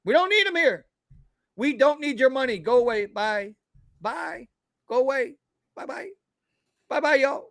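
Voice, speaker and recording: A man from Florida with a notably high voice rants bluntly and profanely as a co-host on a casual talk show. The sound is dry and close, with little room around it. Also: lively intonation, measured pace, long pauses, a bit bright, no room sound. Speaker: podcast co-host. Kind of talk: casual chat.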